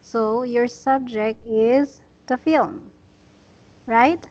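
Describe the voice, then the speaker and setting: A woman teaching an English lesson one-on-one, patiently praising her student and modelling each sentence slowly. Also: on the high side, steady tone, a little mellow, lo-fi sound. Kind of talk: online one-on-one language lesson.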